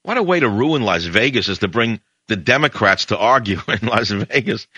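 Sharp in tone and recorded without echo, an older talk show host from Brooklyn delivers a meandering storytelling monologue. He wanders off on tangents, his pitch leaping suddenly as he goes.

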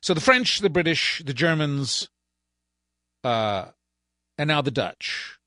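A man's voice: fairly high pitch, very animated, slow, sharp tone, no room sound. A man hosting a political talk radio show, delivering a sarcastic, ranting monologue as a fill-in host into a studio microphone.

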